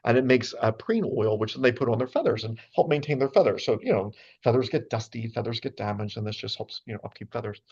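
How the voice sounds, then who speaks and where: A man's voice: mid-range voice, quick pace, hardly any pauses, a little mellow, husky, highs cut off. Chatty man lecturing on birds. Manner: chatty, many fillers, playful asides. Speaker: speaker giving a talk to birders. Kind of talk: casual lecture with slides.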